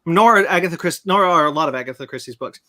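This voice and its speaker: A man's voice: a little high, expressive, fast, pushed and bright. A man hosting a casual podcast chat, ranting animatedly and swearing as he recaps a film. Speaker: podcast host.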